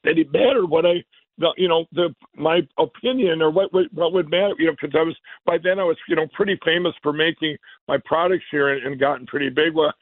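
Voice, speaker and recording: A man's voice: on the high side, a little fast, no echo. A man from Minnesota, a guest telling his story in a rambling way, often repeating and restarting his words. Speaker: guest, company founder. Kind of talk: casual storytelling. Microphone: phone. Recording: tinny phone line, dry.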